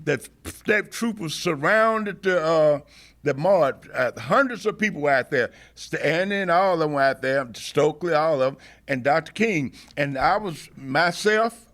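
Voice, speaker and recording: An older man telling a long story as an interview guest, passionate and oratorical, often pausing and restarting before building to a rally-speech rhythm. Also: fairly high pitch, animated, a bit bright. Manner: frequent hesitations and restarts. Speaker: interview guest, veteran activist. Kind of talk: oral history storytelling.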